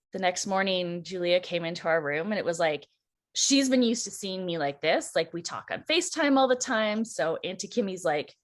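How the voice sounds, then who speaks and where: Female co-host, casual chat, animated storyteller who slips into quoted voices. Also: lowish voice. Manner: animated, acts out quoted voices, laughs often. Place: church.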